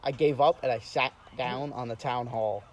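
A young man telling a story in casual chat, animated and profane, often laughing. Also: mid-range voice, normal speed, poor audio.

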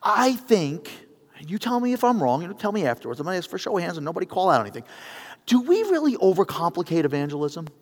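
A middle-aged man preaching a sermon, telling a story with lively voice changes and building to earnest appeals. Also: high-pitched, fast. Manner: animated, acts out phone voices, builds to appeals. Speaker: pastor. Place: church sanctuary. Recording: long reverb of a church hall.

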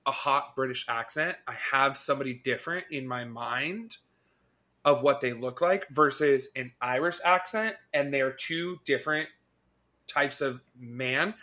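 A man's voice: medium pitch, bright, forceful tone. A man from the United States co-hosting a podcast, chatting casually and asking questions. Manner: chatty, upbeat, asks questions. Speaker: podcast co-host. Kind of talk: casual chat.

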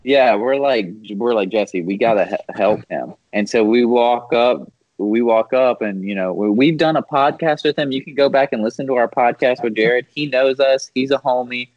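A man's voice: mid-range voice, moderate pace, few pauses, dry recording. A man hosts a casual podcast and spins a rambling story for his friends. His voice sounds dry, close and a little dull, with no room around it. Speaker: podcast host.

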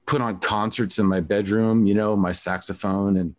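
A man's voice: lowish voice, steady tone, normal speed. A man hosting an interview, chatting casually and telling rambling stories. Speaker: interview host.

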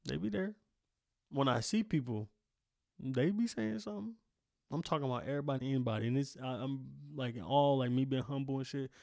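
A man's voice: mid-range voice, fairly quick, creaky, a little mellow, no echo. Boastful, profane young man on a dry mic. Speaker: podcast host. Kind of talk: solo podcast rant. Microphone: single studio microphone.

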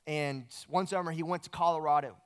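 A man's voice: on the high side, fairly even intonation, a little fast, clean tone. A man preaching a sermon, telling a story in a conversational way with frequent repeated words. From United States. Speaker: pastor.

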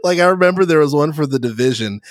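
A man co-hosting a gaming podcast in relaxed casual chat, laughing along and using lots of fillers. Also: a little high, fast, no echo, studio quality. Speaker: podcast co-host.

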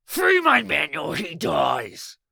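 A man voicing an armed male outlaw who yells threats. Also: a little high, huge pitch swings, takes it slowly, creaky, no room sound, studio quality, pitched above the performer's own voice, heavily acted. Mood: threatening. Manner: yelling, sneering.

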